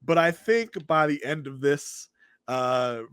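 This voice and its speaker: A man co-hosting a podcast from his basement, chatting casually about a TV episode and acting out scenes in quick voices. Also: on the high side, expressive, fairly bright tone, clean tone, dry recording, studio quality. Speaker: podcast co-host. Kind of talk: casual TV recap chat. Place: home basement.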